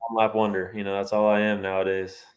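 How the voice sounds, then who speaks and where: A man's voice: on the low side, completely flat delivery, quick pace, smooth, dull audio. A man from the United States, a motocross mechanic guest, chatting casually and joking at his own expense. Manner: casual, self-deprecating, says "dude". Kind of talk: casual interview chat.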